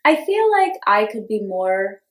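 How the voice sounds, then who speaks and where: A woman's voice: medium pitch, very animated, measured pace. Woman cohost, blunt dry chat, echoey room. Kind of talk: casual chat. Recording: roomy echo.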